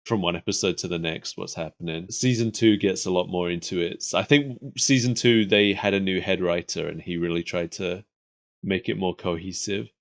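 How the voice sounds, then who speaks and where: A man's voice: low voice, moderate pace, gravelly. A man co-hosting a podcast, chatting casually about an old cartoon and laughing often. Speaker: podcast co-host. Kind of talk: casual chat reviewing a cartoon.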